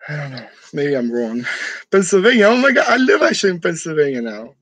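Chatty joking man, fairly high voice. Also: sing-song, fairly quick, a bit bright, no room sound, low-quality recording. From New York. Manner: chatty and joking, laughs often. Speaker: channel host. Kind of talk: casual live chat with viewers. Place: room decorated for Halloween.

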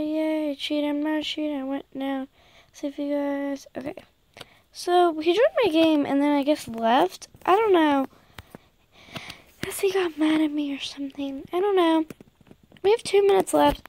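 A woman chatting excitedly to her viewers while commenting on her gameplay. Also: high voice, poor audio. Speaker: gaming YouTuber.

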